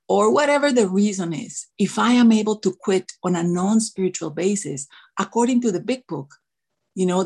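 A woman's voice: mid-range voice, vocal fry, low-quality recording. A woman with a non-native English accent sharing her own story at a twelve-step meeting, earnest and full of "you know" and "like". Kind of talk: personal sharing at a recovery meeting.

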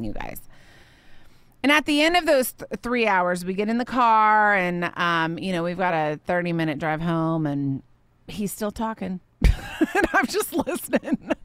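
A woman's voice: lowish voice, a bit bright, no echo. Emotional woman sharing a faith story. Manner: emotional, rambling storytelling with many fillers. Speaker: podcast host. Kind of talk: faith podcast monologue.

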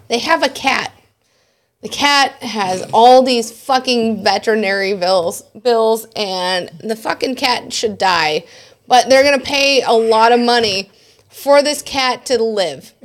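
A woman co-host reels off a news story in loose, unscripted podcast banter. She swears freely and laughs as she goes. Her voice sits high. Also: slow.

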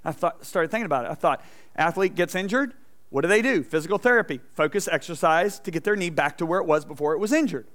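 A middle-aged man preaching an energetic sermon to a congregation, telling stories with acted-out voices and swinging between loud and soft. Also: on the high side, fast talker. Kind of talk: energetic sermon with stage demonstration. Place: church stage before a congregation.

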